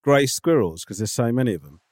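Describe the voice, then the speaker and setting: Animated man, mid voice, teasing and sweary; dry close sound. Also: medium pitch, fairly quick, no room sound. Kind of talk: casual banter.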